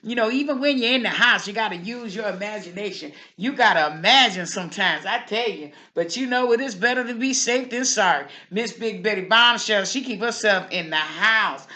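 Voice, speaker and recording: A woman's voice: medium pitch, lively intonation, normal speed, few pauses, bright, forceful tone. A woman playing a gossipy, nosy neighbor lady who watches the street from her window, in a folksy, chatty comic monologue full of repeated asides. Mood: preachy.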